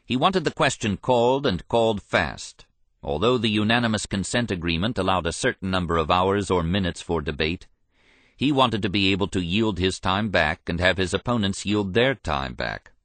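A man narrating a history audiobook in a measured, deliberate way. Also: deep voice, lively intonation, fairly bright tone, dry recording. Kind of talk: scripted narration.

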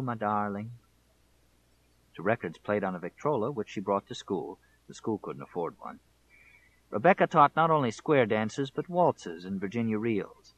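A man narrating a nonfiction audiobook in a measured, deliberate way. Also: fairly low pitch, a bit bright, low-quality recording.

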